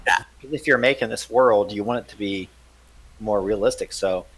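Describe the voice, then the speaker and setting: A man's voice: on the low side, moderate pace, crowd noise, rough recording. A man joking around in a casual podcast chat with friends. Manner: joking, playful.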